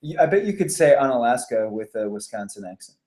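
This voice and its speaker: A man co-hosting a live show, dropping in short teasing remarks. His pitch jumps around a lot while it stays in a middle range. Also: big pitch swings, a little mellow. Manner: teasing, quick banter. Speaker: co-host. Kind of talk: casual live chat.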